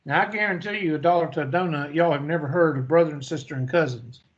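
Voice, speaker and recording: A male math instructor with a slightly higher-than-usual voice. He lectures in a folksy, storytelling way, asking questions and answering them himself. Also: quick pace, muffled recording.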